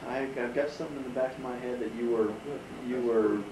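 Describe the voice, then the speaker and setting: A man's voice: medium pitch, fairly even intonation, brisk. Man in the family asking from across the room. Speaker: family member listening. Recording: roomy home recording, distant mic, hiss.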